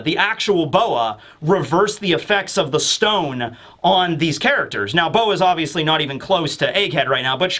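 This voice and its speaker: A young man casually recapping and commenting on a manga chapter, animated and jumping into high voices for the characters.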